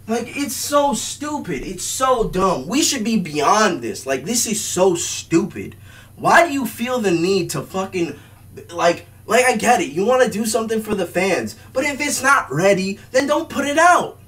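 A young man delivering an angry, profane game rant, yelling and swearing constantly. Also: very high-pitched, big pitch swings, a little slow. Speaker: game reviewer. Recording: voice distant from the mic.

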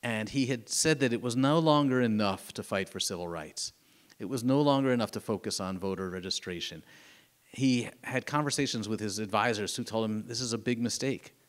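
Earnest low-voiced man telling stories. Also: a little fast. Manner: earnest, animated storytelling with fillers and restarts. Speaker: author. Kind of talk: live author talk, answering a moderator. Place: museum event room with audience.

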